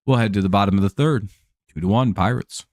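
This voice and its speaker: An American man with a lowish voice talks fast on a live stream of a baseball game, calling plays and rambling casually. He swears and leans heavily on fillers like "like" and "um," and the sound is dry and close with almost no room echo.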